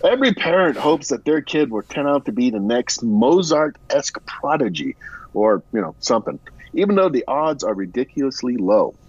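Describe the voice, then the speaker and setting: Husky, lively man on a dull mic. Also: medium pitch, normal speed, no echo. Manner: wry, lively reader. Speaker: podcast co-host. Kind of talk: reading a news article aloud, casual.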